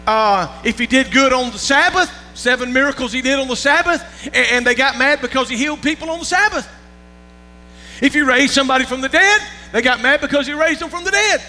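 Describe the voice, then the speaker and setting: A man's voice: extremely high pitch, fairly quick, bright, forceful tone. A man preaching a sermon as pastor, folksy, repeating words and checking that the congregation follows along. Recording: long reverb with faint music and mains hum.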